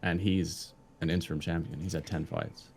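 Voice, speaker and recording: A man's voice: sits low, fairly even intonation, moderate pace, gravelly, a little mellow, slightly rough. A man co-hosting a podcast in casual chat, laid-back, often answering with short agreements. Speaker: podcast co-host.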